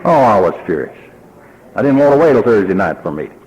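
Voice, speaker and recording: Husky older Texan man telling his story. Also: on the low side, big pitch swings, quick pace, darkish tone, lo-fi sound. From Texas. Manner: folksy storytelling, acting out remembered dialogue. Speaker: speaker at a recovery convention. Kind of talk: personal testimony.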